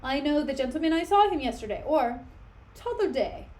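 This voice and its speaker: A woman's voice: high-pitched, expressive, moderate pace, noisy background. A woman voicing a pompous, forgetful old male courtier, reading his long-winded lines from a play. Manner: wordy, forgetful, lecturing.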